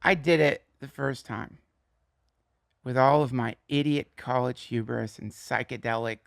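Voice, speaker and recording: A man, a comedian guest, telling profane anecdotes in an animated, casual way with quick asides. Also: mid-range voice, creaky, no echo, clean studio sound. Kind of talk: casual storytelling interview.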